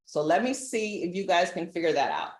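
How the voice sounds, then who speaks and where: A woman's voice: on the low side, expressive, brisk, darkish tone, reverberant. A woman hosting a casual live stream from a relative's house, chatty, laughing and easily sidetracked. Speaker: livestream host.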